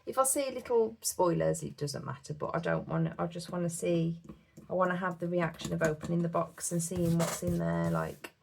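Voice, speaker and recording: A British woman vlogs in a casual, giggly ramble, counting numbers aloud under her breath. Her voice sits a little low with a gravelly fry. Noise and clicks sit behind her voice. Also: normal speed. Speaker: budgeting vlogger. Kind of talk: casual chat while cash stuffing.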